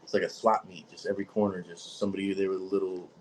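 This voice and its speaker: A man's voice: low voice, fast talker, slight background noise, rough recording. A man chatting casually as a podcast guest, swearing freely and acting out the people in his stories. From Michigan, US. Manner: profane, animated storytelling with quoted voices.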